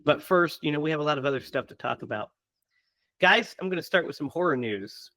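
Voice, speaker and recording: A man hosting a casual horror movie podcast, chatty and quick to laugh, with fillers and restarts. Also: on the high side, animated, pushed and bright, no room sound. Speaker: podcast host.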